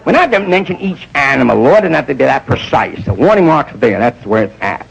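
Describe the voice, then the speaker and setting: A man's voice: medium pitch, big pitch swings, fast talker, gravelly, muffled recording, a little hiss or hum. A man around forty doing an improvised stand-up monologue, rambling and digressive, with muttered asides. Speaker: stand-up comedian.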